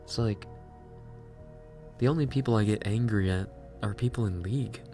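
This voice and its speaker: A man's voice: on the low side, moderate pace, mellow, faint music behind. A man hosting a livestream, chatting casually and reflectively while reading out chat messages. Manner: musing, self-reflective, reads chat aloud. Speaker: livestream host.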